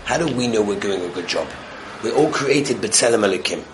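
A Torah teacher gives a lesson on the weekly portion, telling stories with animation and shifting from loud excitement to hushed tones. His voice is fairly low and brisk, with a noisy background.

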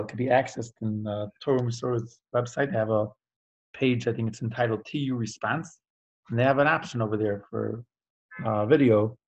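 Man, Torah teacher, casual emphatic lesson, husky mid-range voice, muffled lo-fi recording. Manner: emphatic, leaps to high pitch on key points; conversational with frequent fillers and restarts. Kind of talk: informal spoken Torah lesson. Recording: dull lo-fi recording.

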